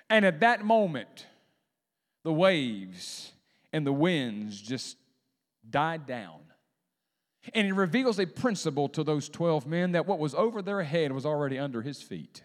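A male pastor preaching a sermon, rising from calm to loud, drawn-out delivery in a church. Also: fairly high pitch. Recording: long hall reverb.

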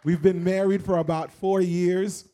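A man's voice: high voice, level tone, unhurried, mellow, smooth. A young man of Haitian background in his twenties, preaching a sermon as a guest pastor with emphatic, repetitive phrasing. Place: church.

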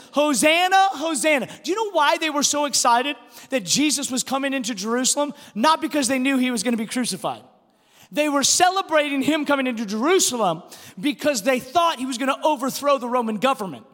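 High-voiced animated preaching man. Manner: animated preaching with sudden loud bursts and quiet drops. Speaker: pastor. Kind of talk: sermon. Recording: long hall reverb with faint music.

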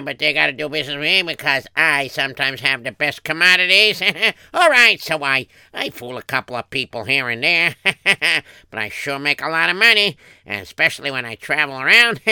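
A man's voice: on the high side, animated, normal speed, vocal fry, pushed and bright, smooth, no room sound, exaggerated voice. A man voicing a sly, crooked male merchant who chuckles and wheedles as he talks. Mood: scheming. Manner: chuckling, wheedling, laughs often.

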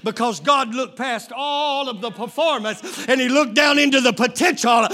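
A male pastor with a very high, bright voice preaches fervently and often breaks into shouts. He calls out to the congregation in a church sanctuary, swinging between hushed asides and loud cries. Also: normal speed, hardly any pauses. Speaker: lead pastor. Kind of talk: shouting sermon.

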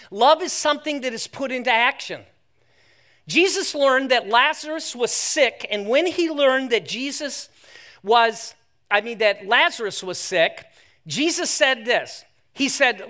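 A man preaching a sermon in a bright, ringing voice that sits high for a man. He tells the story in an animated way and jumps into playful voices for the people in it. He also jokes with the congregation as he goes. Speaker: pastor. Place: church service held in an athletic center.

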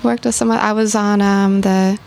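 A young adult woman, a singer-songwriter guest, talking thoughtfully and softly in a casual interview. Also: mid-range voice, flat delivery, normal speed, vocal fry, a little hiss or hum.

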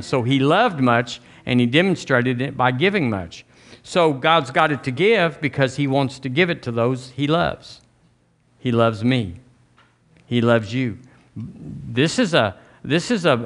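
A man preaching a sermon as pastor, folksy and emphatic, climbing higher on key lines. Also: lively intonation, measured pace, fairly bright tone. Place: church sanctuary.

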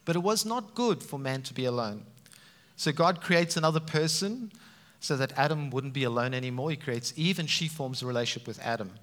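A man preaching a sermon, animated and emphatic, with frequent rises for emphasis. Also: medium pitch, a little fast. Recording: reverberant hall sound.

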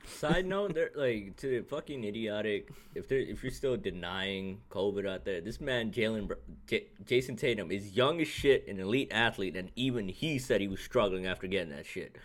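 A man co-hosting a casual sports podcast, animated and profane, breaking into laughter often. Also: lowish voice, normal speed, few pauses. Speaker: podcast co-host.

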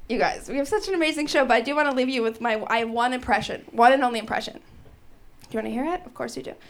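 High-voiced woman hosting a comedy show. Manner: animated, laughing through her stories. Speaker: stand-up host. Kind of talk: stand-up comedy. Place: comedy club stage. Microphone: handheld stage mic.

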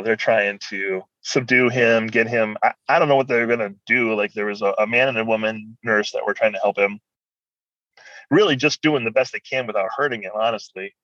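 Male guest, animated rambling storyteller, dry and muffled sound. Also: on the low side, no echo. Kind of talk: personal storytelling in conversation.

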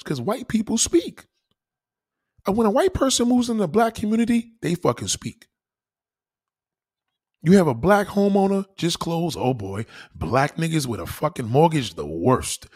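A man's voice: fairly high pitch, darkish tone, slightly rough. A man with a New York accent delivering a heated, profane, preachy rant.

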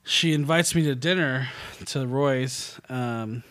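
A man rambling through a story in casual podcast chat, restarting sentences as he goes. His mid-pitched voice is recorded dry and close, with no room sound. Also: slow pace, a bit bright, dry recording. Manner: rambling, restarts, laughs often.

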